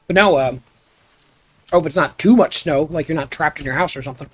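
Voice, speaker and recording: A man plays a building game on a livestream, chatting goofily and rambling with his viewers. His slightly high voice is husky and moves at a moderate pace.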